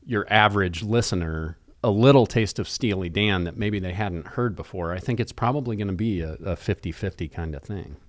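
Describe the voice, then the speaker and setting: A man's voice: on the low side, brisk, hardly any pauses, no room sound, clean studio sound. A man co-hosting a podcast, chatting casually and thoughtfully about music, rambling with restarts. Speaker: podcast co-host.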